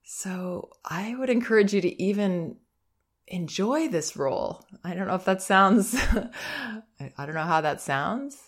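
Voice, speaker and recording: A woman hosting a parenting advice podcast, speaking in a calm, gentle and reflective way, with soft laughs. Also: mid-range voice, a little slow. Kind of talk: advice monologue.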